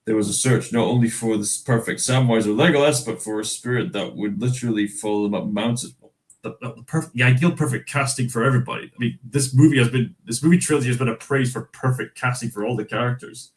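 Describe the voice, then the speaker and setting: A man's voice: mid-range voice, fast, rough recording. Chatty Scottish man on a livestream. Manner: chatty, chuckles often, many fillers and restarts. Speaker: livestream host. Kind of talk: casual livestream chat, reading news aloud.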